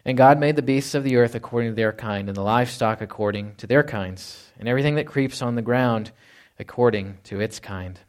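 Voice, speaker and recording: A man's voice: mid-range voice, fairly quick. A man, a pastor, preaching a conversational sermon, reading scripture aloud and asking rhetorical questions.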